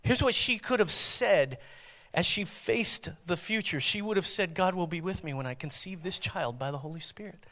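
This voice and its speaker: Male pastor, dynamic sermon delivery, loud to hushed, high-pitched voice. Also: normal speed, long reverb tail.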